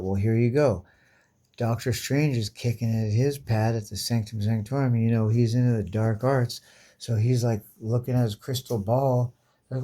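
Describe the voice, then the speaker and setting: Laid-back male comic reviewer, dark mellow timbre, swears freely and reacts with disbelief. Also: medium pitch, normal speed. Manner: profane, slangy, incredulous riffing. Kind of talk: casual comic commentary.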